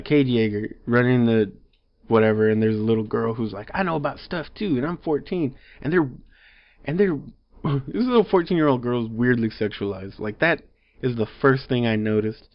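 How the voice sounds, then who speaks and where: A man casually reviewing a movie at home, rambling with lots of fillers and growing exasperated. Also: mid-range voice. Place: home room. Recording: slightly dull lo-fi audio.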